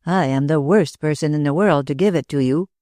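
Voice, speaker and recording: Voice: medium pitch, fairly quick, warm tone, dry recording, clean studio sound, close to an everyday voice. A narrator reading a weary, troubled young man. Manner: weary and anguished. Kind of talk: audiobook character reading.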